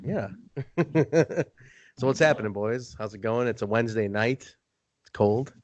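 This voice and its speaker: A man's voice: medium pitch, unhurried, darkish tone, dry recording, muffled recording. A young man hosting a casual podcast, swearing loosely and acting out both sides of his own stories. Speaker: podcast host.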